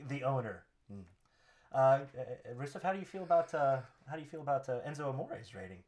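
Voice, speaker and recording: A young man co-hosting a casual wrestling podcast, animated and laughing often as he reads and acts out quotes. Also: mid-range voice, quick pace. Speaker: podcast co-host.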